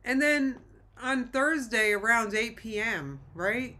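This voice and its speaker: A woman's voice: fairly high pitch, animated, takes it slowly, pushed and bright. A woman hosting a live stream in a rambling, self-interrupting casual chat, often laughing and reading chat messages aloud. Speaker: livestream host.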